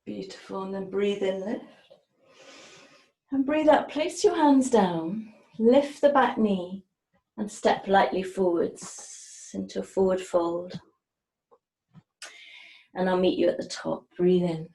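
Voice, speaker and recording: A female yoga teacher with a medium-pitched, mellow, dark voice guides a class through breath and movement. She speaks in a slow, soft cadence, and her words ring in an echoey room.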